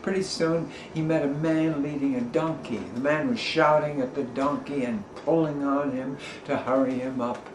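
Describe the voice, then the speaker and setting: A man who works as a storyteller, narrating a children's folk tale in a playful, expressive way. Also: medium pitch, moderate pace, hardly any pauses, noisy background. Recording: roomy echo.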